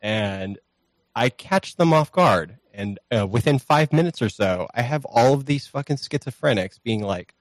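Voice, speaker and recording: A man's voice: mid-range voice, expressive, measured pace, no room sound. A man talking as a podcast guest in a loose, rambling, profane and self-deprecating way, recorded on a home streaming mic. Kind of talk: casual chat.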